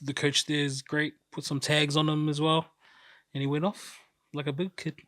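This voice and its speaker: A New Zealand man trading teasing banter on a casual podcast. His voice sits a little higher than most men's. The sound is close and dry. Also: level tone, moderate pace, pushed and bright, no echo. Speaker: podcast co-host. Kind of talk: casual chat.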